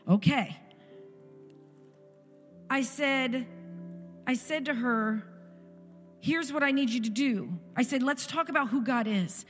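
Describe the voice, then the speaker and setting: A woman in her forties preaches with emphatic, repeated phrases, her voice sitting somewhat high. She is heard in a long-echoing church hall, with quiet music behind her. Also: takes it slowly, pauses often. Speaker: guest speaker in a church service. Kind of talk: sermon testimony. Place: church sanctuary.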